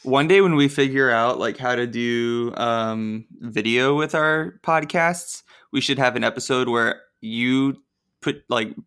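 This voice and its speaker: A man's voice: medium pitch, measured pace, fairly bright tone, smooth. A man co-hosting a podcast in casual chat, telling stories loosely with lots of filler words. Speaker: podcast co-host.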